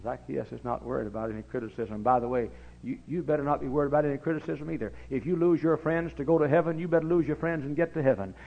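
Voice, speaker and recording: Gravelly folksy preacher telling a story. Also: male voice, fairly high pitch, steady tone, fast talker. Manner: folksy storytelling, swings into shouted exhortation. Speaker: pastor. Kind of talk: sermon. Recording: dull lo-fi recording.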